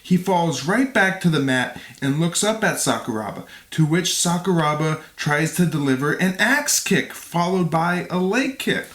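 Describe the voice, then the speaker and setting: A man's voice: on the high side, animated, a little slow, few pauses, fairly bright tone, echoey room. A man narrating a fight play-by-play for a podcast review, with jokes along the way. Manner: reads play-by-play, jokes and laughs. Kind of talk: narrating fight recap with banter.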